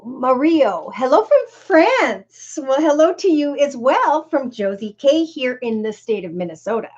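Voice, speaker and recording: A woman's voice: a little high, a little mellow, lo-fi sound. A middle-aged woman hosting a casual live-stream tarot reading. She chats, greets viewers by name and rambles from point to point.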